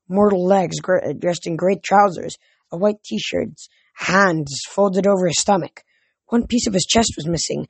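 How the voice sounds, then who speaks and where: A woman reading a novel aloud in a steady, measured way. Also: on the low side, husky, no room sound. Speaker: reader.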